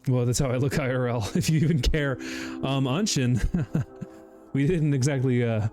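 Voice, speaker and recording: A man streaming a game, giggling often, swearing, and breaking into sudden high shrieks as he comments to chat. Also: normal speed, mellow, faint music behind. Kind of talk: gaming livestream commentary.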